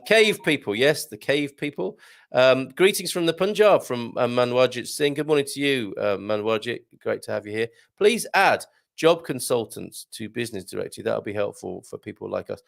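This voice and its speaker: A man's voice: medium pitch, creaky. A middle-aged man hosting a casual livestream chat and reading out viewer comments, chatty and given to laughing. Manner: chatty, animated, laughs often, reads comments aloud.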